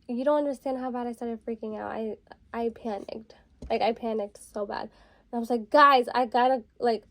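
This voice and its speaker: A young adult woman vlogger telling a story in a casual, rambling way, full of fillers. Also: fairly high pitch. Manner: chatty, rambling, filler-heavy with frequent "like". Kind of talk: casual storytelling while getting ready.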